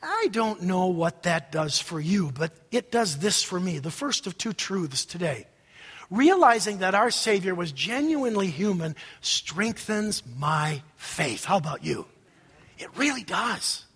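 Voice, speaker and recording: A male pastor preaching a sermon dramatically, swinging from loud outbursts to hushed asides. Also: high voice, expressive, measured pace, slightly rough, big-room sound.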